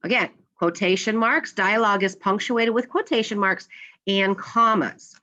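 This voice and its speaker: Woman teacher, patient, step-by-step explainer. Mid pitch. Slightly dull recording. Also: moderate pace, sharp tone. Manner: patient, explains step by step, acts out example lines. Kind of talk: classroom grammar lesson.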